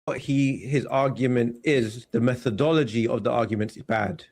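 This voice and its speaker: A man with a gravelly voice talks casually on a livestream. He halts and restarts mid-thought as he lays out his point. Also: medium pitch, normal speed, a little mellow. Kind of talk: casual stream chat.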